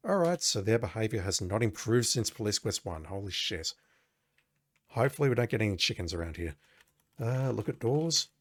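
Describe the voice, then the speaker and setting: Dude doing a let's play, reads the game text out, wry jokes, lively up-and-down voice. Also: male voice, lowish voice, brisk. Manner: wry, joking asides. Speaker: game commentator.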